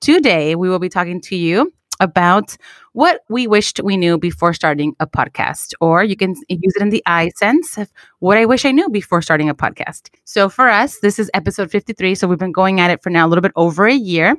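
Woman podcast co-host, casual and chatty, animated, dry close sound. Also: on the low side, a little fast, no echo.

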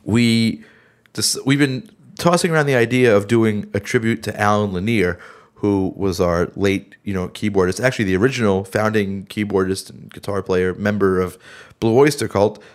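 A man's voice: on the low side, normal speed. A middle-aged man hosting a casual podcast, rambling and interrupting himself as he tells band stories, a little worn from being sick. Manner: rambling, self-interrupting storyteller. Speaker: band member and podcast host. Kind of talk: casual chat.

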